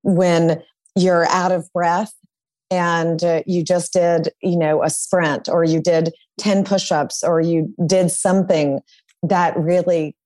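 A woman's voice: lowish voice, flat delivery, takes it slowly, a little mellow, no echo. A woman appearing as a divorce attorney guest on a podcast, talking in a reflective, candid way. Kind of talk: conversational interview.

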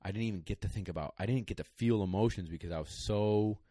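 A man's voice: lowish voice, quick pace, no room sound. A young man, a dog trainer, casually telling a podcast story in a rambling, emotional way with lots of fillers. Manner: rambling, excited, many fillers.

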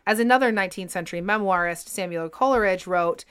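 A woman co-hosting a podcast, reading scripted history narration in a clear, even way. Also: mid-range voice, fast. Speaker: podcast co-host.

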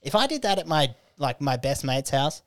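A man's voice: medium pitch, sing-song, moderate pace, fairly bright tone, no room sound, clean studio sound. Crude Australian man in his thirties. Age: 30s. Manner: rambling storyteller, laughs often. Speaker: podcast co-host. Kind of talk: crude casual banter.

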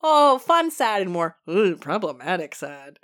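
A woman's voice: fairly low pitch, big pitch swings, a little slow, fairly bright tone. A woman co-hosting a casual podcast chat, making wry, joking remarks. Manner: wry and joking, with frequent laughs. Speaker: podcast co-host. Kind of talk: casual chat recapping reality TV.

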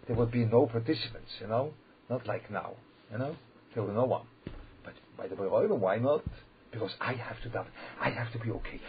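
A man giving a holiday sermon as a religious teacher, speaking haltingly, often repeating words and restarting, and checking in with his listeners. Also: lowish voice, lively intonation, breathy edge. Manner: checks in with listeners, asking "yeah?". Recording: slightly dull lo-fi recording.

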